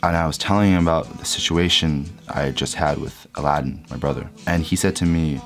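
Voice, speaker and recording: A young man casually and candidly recounting a personal story as a vlogger, his voice trailing softer at the ends of sentences. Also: a bass voice, fairly quick, gravelly, faint music behind. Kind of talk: reflective storytelling.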